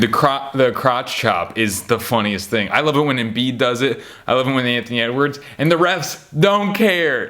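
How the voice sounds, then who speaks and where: A young American man chatting casually about basketball players, rambling and animated, laughing at his own stories. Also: mid-range voice. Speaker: basketball commentator. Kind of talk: casual chat.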